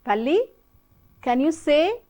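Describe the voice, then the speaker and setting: A woman teacher with an Indian English accent, slowly drilling children through an English lesson with repeated prompts. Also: high-pitched, very animated, mellow, poor audio. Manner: slow, repetitive, coaxing drill-style prompting. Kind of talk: televised classroom English lesson.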